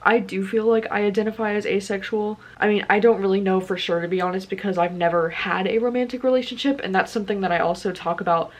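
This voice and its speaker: A woman's voice: mid-range voice, fairly even intonation, fast, hardly any pauses, poor audio. A young woman in her twenties chatting about books she has read, candid and open. Her talk is loose and full of "like" fillers. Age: 20s. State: tearful. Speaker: book vlogger. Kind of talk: casual vlog chat.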